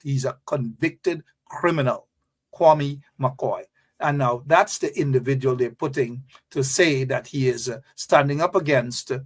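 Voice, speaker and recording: A man's voice: a little high, fairly bright tone. A man giving opinionated political commentary, emphatic and repetitive, with a scornful edge.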